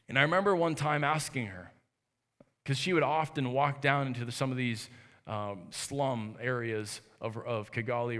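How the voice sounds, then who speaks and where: Preaching in a church sanctuary with an echoey sound, a man in his thirties speaks earnestly and conversationally, sometimes starting over. His voice is mid-range with a fairly bright tone.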